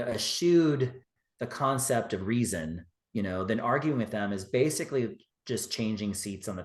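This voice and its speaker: A man speaking as a podcast guest in relaxed, rambling conversation, full of "you know" fillers. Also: lowish voice. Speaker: guest, witchcraft teacher. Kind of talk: casual interview talk. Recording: roomy echo.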